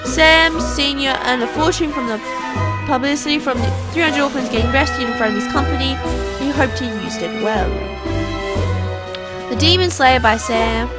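A woman's voice: high-pitched, normal speed. A woman hosting a gaming channel, giving wry, chatty let's play commentary. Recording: loud music behind voice.

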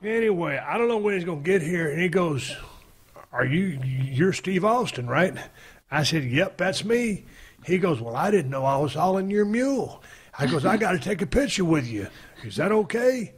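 A man hosting a podcast, telling a story in a casual, profane, animated way and acting out the people he quotes. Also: high-pitched, brisk, breathy edge. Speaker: podcast host.

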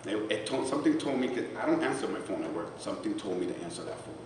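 A middle-aged man with a lowish voice speaks from the heart at a charity event. His talk is conversational and emotional, at times choked up. He is picked up from a distance in a big, reverberant hall with a steady audience murmur. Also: rapid-fire. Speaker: guest speaker at a charity celebration. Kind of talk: emotional personal testimony speech. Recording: echoey hall, distant mic, background noise.

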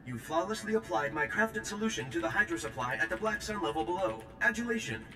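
An actor playing a formal alien engineer in a video game, speaking in oddly stilted phrases. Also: male voice, sits high, expressive, fast, bright, forceful tone, reverberant, soft background music, heavily acted, rough recording. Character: alien male engineer, formal and strangely worded.

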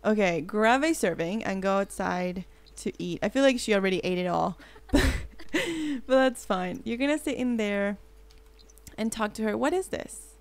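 A young woman talks through a life-sim game in a bubbly, excitable way, full of giggles, gasps and nervous fretting. Her voice sits a little high. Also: moderate pace. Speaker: gaming channel host. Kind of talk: let's play commentary.

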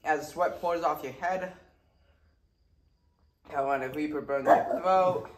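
A man co-hosts a hot sauce tasting with brief, dry comments and jokes. His voice sits a little higher than average. The room around him is echoey. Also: unhurried, noisy background. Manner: short wry remarks, quips. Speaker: food reviewer. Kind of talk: casual tasting chat.

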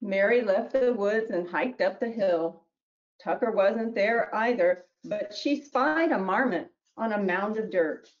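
A woman who wrote a children's book reads it aloud with gentle storybook narration and small slips, then talks about it. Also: medium pitch, a little slow, lo-fi sound. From New Mexico, US. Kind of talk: reading her picture book aloud.

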